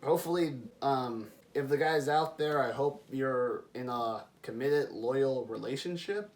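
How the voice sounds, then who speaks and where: Speaking a bit slowly at medium pitch, this young man tells a personal story on his vlog. His delivery is lively and chatty, with laughter mixed into the telling.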